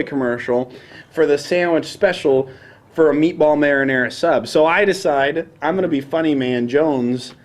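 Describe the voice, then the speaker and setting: A man's voice: medium pitch, animated, normal speed. A young man, a late-night radio DJ, casually telling a rambling, self-deprecating story and acting out the voices in it.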